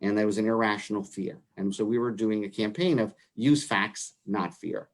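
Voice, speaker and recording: Casting: man with a New York accent, low voice, earnest commission director explaining at length. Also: moderate pace. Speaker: human rights commission director. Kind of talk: livestream discussion.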